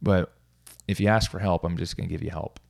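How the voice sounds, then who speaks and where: Low-voiced man rambling casually. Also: fairly even intonation, fairly quick, vocal fry. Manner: rambling, self-interrupting, laughs at himself. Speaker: coach. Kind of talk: casual solo talk.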